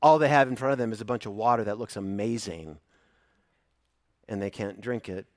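A man preaching a sermon, animated, acting out the voices of the people in his story with loud bursts. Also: on the low side, a little fast, no room sound, studio quality. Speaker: pastor.

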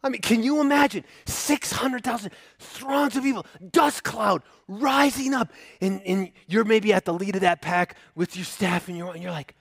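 Male pastor, sermon delivery, higher voice, dry room, lively and dramatic. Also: normal speed, few pauses, breathy edge, no echo. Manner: animated, acts out crowd voices, loud bursts.

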